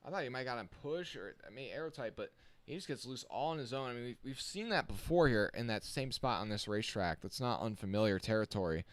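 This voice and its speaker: A man giving casual, excitable live-stream race commentary from a home computer setup, reacting on the fly and chatting to his viewers. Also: mid-range voice, fast talker, no room sound.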